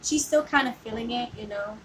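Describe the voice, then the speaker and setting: A vlogger chats with her viewers live, rambling, laughing often and saying "like" and "you know" a lot. Her voice is a little high, fairly bright and slightly fast. She's recorded on a phone from a distance, with noticeable background noise.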